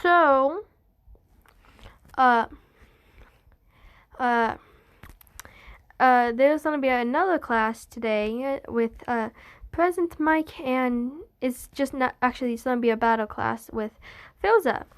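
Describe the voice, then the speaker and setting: A woman tells an improvised fan story in a high voice. She rambles slowly, hesitates often and keeps correcting herself mid-sentence. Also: clean tone.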